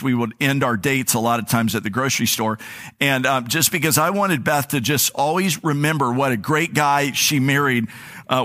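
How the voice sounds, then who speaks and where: A man's voice: medium pitch, bright, forceful tone. A male pastor giving a conversational sermon. He tells personal stories in an earnest way. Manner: earnest, storytelling, anecdotal.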